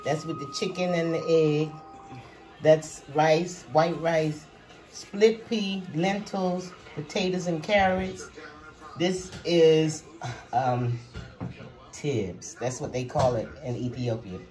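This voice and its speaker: A woman at home explains each dish she has cooked, naming them one after another. Her voice is low and mellow. She speaks in an easy, conversational way. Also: slow pace, soft background music. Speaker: aunt serving a home-cooked meal.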